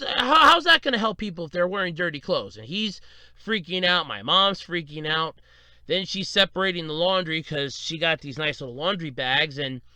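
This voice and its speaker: A man's voice: fairly high pitch, clean tone, no room sound. A man hosting his own podcast, rambling through casual stories about his week and acting out what people said. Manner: rambling storyteller, animated retellings with laughs. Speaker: podcast host. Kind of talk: casual solo podcast monologue.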